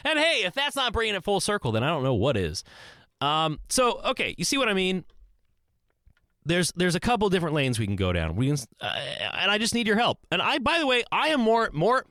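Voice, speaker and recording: A young man talks through his thoughts in an earnest, rambling solo podcast, often circling back and restarting. His somewhat high voice rises and falls a great deal. The sound is dry and close, with no room echo. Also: wildly swooping pitch, a little fast, sharp tone. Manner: earnest, rambling, with many restarts and swings in pitch. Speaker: podcast host. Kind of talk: casual solo monologue. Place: small closet.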